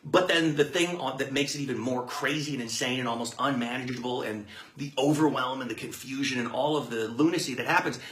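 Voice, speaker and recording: A man gives a loose, playful lesson on book marketing, rambling and happily inventing words. His voice is bright and forceful. The room around him rings with noticeable echo. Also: medium pitch, brisk. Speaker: author marketing coach. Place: room with a whiteboard.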